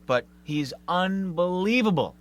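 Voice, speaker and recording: A man's voice: high voice, animated, measured pace. Easygoing male radio host. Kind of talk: casual radio interview. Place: radio studio.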